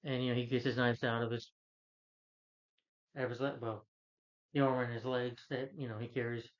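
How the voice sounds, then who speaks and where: With little pitch movement and a slightly fast pace, a male film reviewer rambles through a casual recap of a movie's plot, often restarting sentences and using fillers. He quotes the characters in his unchanged voice. His pitch is mid-range for a man, and the recording is a bit dull and lo-fi.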